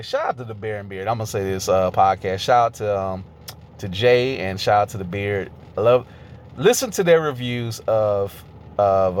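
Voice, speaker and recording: A man co-hosting a podcast in casual chat, animated, laughing often and swearing casually. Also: on the low side, a little hiss or hum. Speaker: podcast co-host.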